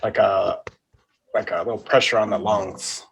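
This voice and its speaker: A man co-hosting a podcast in casual chat, talking plainly and hesitantly with many pauses. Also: fairly low pitch, steady tone, gravelly, a bit bright, slightly rough, rough recording. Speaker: podcast co-host.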